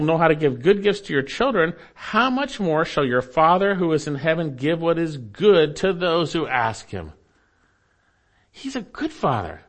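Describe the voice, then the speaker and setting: A man preaching a sermon to his congregation, reading scripture aloud and earnestly repeating his key phrases. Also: a little high. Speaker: pastor.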